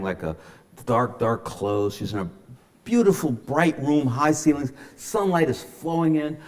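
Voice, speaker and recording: An older American man, an author being interviewed at a festival, talking in an animated way with many restarts and frequent "you know"s. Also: mid-range voice. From United States. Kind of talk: conversational interview. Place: festival event room.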